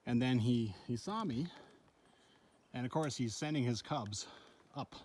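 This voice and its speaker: A man's voice: medium pitch, animated, measured pace, a little mellow, slight background noise. A middle-aged man filming himself on a solo backpacking trip outdoors, talking into a handheld camera in a rambling, shaken way and swearing as he goes. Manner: shaken, swearing, breathless retelling of a bear encounter. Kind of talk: handheld trail vlog. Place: outdoors on a mountain trail.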